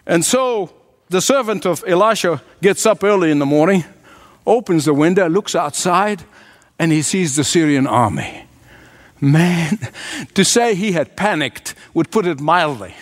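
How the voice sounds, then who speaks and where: High-voiced man preaching a sermon. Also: lively intonation, unhurried. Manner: earnest, emphatic, often addresses listeners directly.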